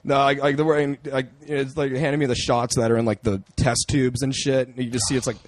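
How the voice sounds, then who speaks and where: A young man from Central Oregon, a podcast guest chatting casually, relaxed and full of fillers. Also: medium pitch, dry recording. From Central Oregon, USA. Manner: relaxed, many fillers and restarts, quick bursts. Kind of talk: casual chat.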